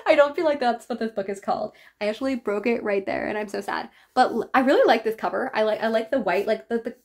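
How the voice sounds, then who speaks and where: Chatty woman vlogging about books. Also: fairly high pitch. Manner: chatty, filler-heavy, frequent "like", laughing asides. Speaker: book vlogger. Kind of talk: casual book haul chat.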